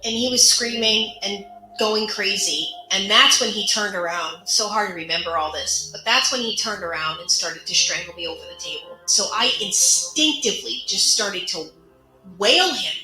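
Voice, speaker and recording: A woman's voice: medium pitch, moderate pace, bright, forceful tone, echoey room, soft background music, poor audio. A woman telling her own story of abuse in an earnest, emotional way, acting out what others said. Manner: earnest, emotional retelling with quoted dialogue. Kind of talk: personal storytelling.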